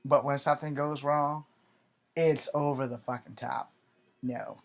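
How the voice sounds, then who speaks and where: A man's voice: medium pitch, steady tone, a little slow, creaky. Rambling, profane man in his forties. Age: 40s. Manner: rambling, profane, often corrects himself. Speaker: army veteran vlogger. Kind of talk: casual personal storytelling.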